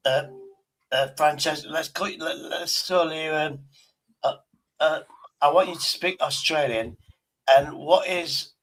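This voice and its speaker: A man's voice: medium pitch, fairly bright tone, rough recording. A man hosting a stream, hesitant and teasing, often stopping to restart his sentences. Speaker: streamer host. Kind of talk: casual stream banter.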